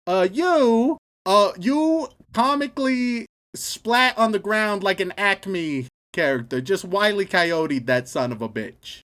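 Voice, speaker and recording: A man's voice: high-pitched, animated, slow pace, a bit bright. A man co-hosting a podcast in casual comedic chat, teasing his partner as he runs a game segment. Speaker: podcast co-host.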